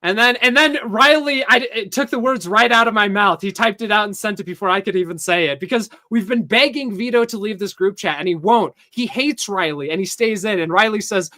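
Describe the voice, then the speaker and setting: A male podcast host talks in a loose, rambling way, reading out chat messages and padding his story with filler words and chuckles. His voice is bright and slightly tense. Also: high voice, fairly quick, few pauses.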